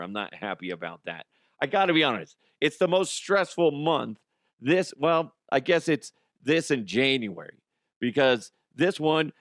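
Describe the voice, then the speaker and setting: A middle-aged man rambles through a comedy podcast, cursing freely and chuckling at himself. His voice sits at an ordinary pitch and sounds dry and close, with no room echo. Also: a bit bright. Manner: rambling, profane, laughs often. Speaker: podcast host. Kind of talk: casual comedic monologue.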